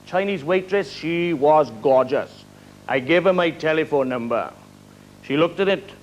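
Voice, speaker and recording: A Welsh man doing stand-up comedy on a live talent show, firing off quick one-liners and chuckling at his own jokes. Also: on the high side, dull audio, a little hiss or hum. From Wales. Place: television studio stage before a live audience. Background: studio audience laughter.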